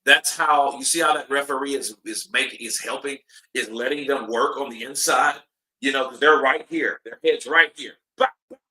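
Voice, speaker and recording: Bright-voiced chatty boxing commentator man. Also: on the high side, rough recording. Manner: loose, chatty, excitable, swears casually. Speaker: boxing commentator hosting a watch-along. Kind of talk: casual live fight commentary and storytelling.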